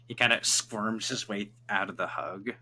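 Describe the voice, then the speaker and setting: A man narrating a tabletop role-playing game as game master, in a casual, halting way with many restarts. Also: on the low side, fairly even intonation, pushed and bright, slight background noise.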